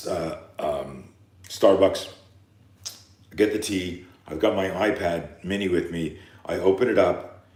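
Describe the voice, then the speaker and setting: A man speaking at a live seminar, telling a parenting story with lively acted-out quotes and talking straight to the parents in the audience. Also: low voice, reverberant. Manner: animated storyteller, acts out quotes, addresses parents directly. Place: seminar room.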